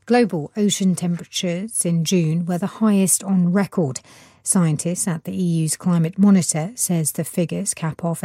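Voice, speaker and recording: A woman newsreader delivering a formal radio news bulletin in a measured, steady way. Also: on the low side, no room sound, studio quality.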